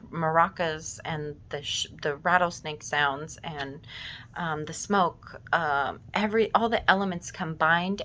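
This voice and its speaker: A woman in her thirties telling a personal story slowly and reflectively, with emotion and some casual swearing. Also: deep voice, sharp tone, slight background noise. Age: 30s. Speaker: vlogger.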